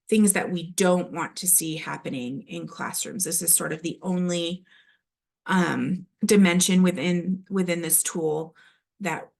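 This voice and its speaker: A woman's voice: lowish voice, creaky. A woman trainer giving a recorded training presentation, speaking hesitantly with frequent ums and restarts. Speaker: early childhood classroom observation trainer.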